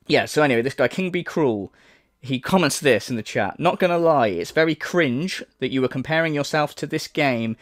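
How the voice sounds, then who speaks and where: A man of medium pitch and slightly bright tone runs a commentary channel, laughing, cursing often, doing impressions, and sarcastically ridiculing what he reacts to. The recording is clean studio sound without room noise.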